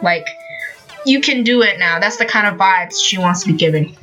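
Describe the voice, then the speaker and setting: Chatty woman with a bright voice. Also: mid-range voice, lively intonation, moderate pace, soft background music. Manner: chatty, many fillers and asides. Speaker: podcast host. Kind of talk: casual manga commentary.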